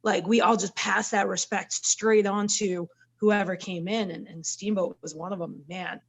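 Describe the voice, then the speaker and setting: A woman, a pro wrestler, telling lively stories in a casual podcast interview and acting out the quotes. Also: medium pitch, normal speed, creaky, breathy edge. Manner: lively storyteller, acts out quotes.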